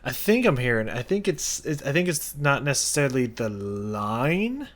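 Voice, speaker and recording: A man's voice: medium pitch, sing-song, moderate pace, fairly bright tone. A man hosting a music reaction video, thinking aloud as he analyzes a song and searching for his words. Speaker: music reaction channel host.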